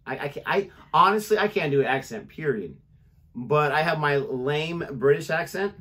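A man's voice: a little high, lively intonation, normal speed, pushed and bright. A man co-hosting a reaction video in casual chat, teasing his co-host with playful asides.

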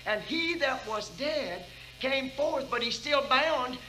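An older woman preaching at a church revival meeting. She calls out questions to the congregation and swings between loud exhortation and hushed intensity. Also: high-pitched, takes it slowly, faint music behind, low-quality recording. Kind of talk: fervent preaching.

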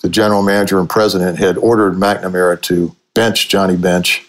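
A sportswriter in his sixties from Cincinnati, USA, is a guest telling casual anecdotes, chuckling and animated throughout. He has a deep voice and speaks fairly quickly.

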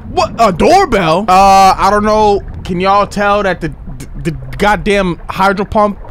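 A young man streaming a horror game, talking in slang, yelping and shouting whenever he gets scared. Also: high-pitched, measured pace, a little hiss or hum. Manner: excitable, yelps and shouts when scared, slangy. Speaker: gaming streamer. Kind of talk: horror game let's play commentary. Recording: game music playing behind.

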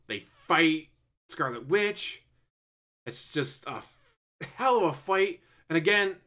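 A man recapping and reviewing a movie in a casual, animated way, swearing now and then and acting out bits of scenes. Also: medium pitch. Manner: animated, acts out scenes in quick mock voices.

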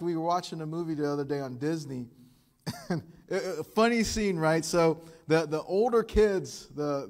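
A man preaching a sermon as pastor, telling stories in an animated way and acting out the quotes. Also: on the high side. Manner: animated storytelling with acted quotes. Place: church.

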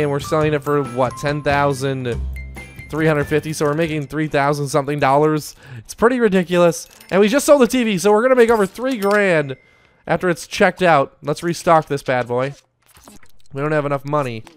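A man's voice: on the high side, clean tone. A young man giving casual, upbeat Let's Play commentary as he plays, often talking to his viewers directly. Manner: chatty, upbeat, talks to viewers as "you guys". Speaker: gaming YouTuber.

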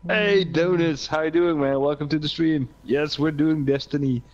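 A man with a Dutch accent, chatting casually while streaming a game, excitable and prone to stammered restarts. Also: on the high side, normal speed. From Netherlands. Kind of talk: casual gaming chat. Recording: dull lo-fi mic, faint noise.

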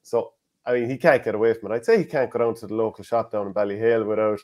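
An Irish man hosting a casual sports chat, reading out listener comments and giving his own views. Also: on the low side. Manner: fast, animated, reads listener comments aloud. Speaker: podcast host.

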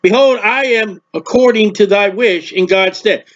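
A man's voice: sits high, a little slow, hardly any pauses, lo-fi sound. A man preaching a sermon, reading scripture aloud and explaining it in a plain-spoken, emphatic way.

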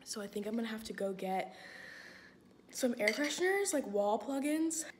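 A woman's voice: fairly high pitch, big pitch swings, normal speed. A young woman in her twenties filming a casual vlog in her apartment, chatty and dramatic, often dropping to a whisper. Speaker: vlogger. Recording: echoey room with background noise.

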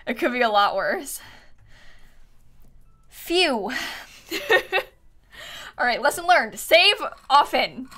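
A woman's voice: on the high side, sing-song, drawn-out words, long pauses, sharp tone. A young woman chatting casually and giggling often as she streams herself playing a game. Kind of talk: casual live-stream chat while playing.

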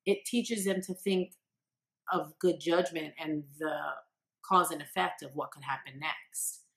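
Her voice sits low and gravelly with a bit of brightness, and she talks a little slowly. The woman is a parenting coach giving parents earnest, encouraging advice directly to camera, acting out the quotes along the way.

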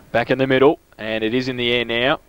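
An Australian man calling football play-by-play on local radio, climbing in pitch as goals come. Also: level tone, brisk, a bit bright, smooth, no echo. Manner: rises sharply in pitch when goals are kicked, laughs often. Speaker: play-by-play commentator. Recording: dull lo-fi broadcast sound.

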